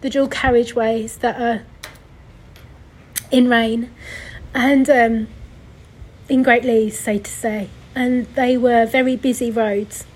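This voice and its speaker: A young woman tells her own story on her podcast, her voice a little high and breathy. She sounds tearful, sighing often and rambling, with many restarts and corrections. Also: little pitch movement, slow, long pauses, a little mellow, rough recording. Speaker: podcast host. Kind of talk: personal storytelling.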